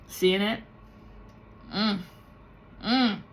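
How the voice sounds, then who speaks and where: A woman's voice: medium pitch, fairly even intonation, extremely slow. A woman tarot reader talking raw and confessional in a personal vlog, swearing freely and slipping into the voices of people she quotes. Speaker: tarot reader and spiritual content creator. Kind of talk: candid emotional personal vlog.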